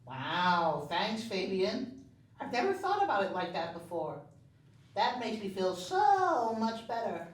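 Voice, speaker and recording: A woman voicing a timid, childlike cub sidekick who speaks slowly and meekly. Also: mid-range voice, sing-song. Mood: grateful. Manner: slow, meek, drawn-out replies. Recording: roomy, distant mic.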